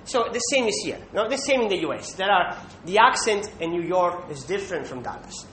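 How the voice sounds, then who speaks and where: Male preacher, high voice, emphatic sermon delivery, roomy echo with a faint low rumble. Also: animated, fairly quick, fairly bright tone. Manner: emphatic, with rhetorical "Hmm?" checks. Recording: echoey room with faint rumble.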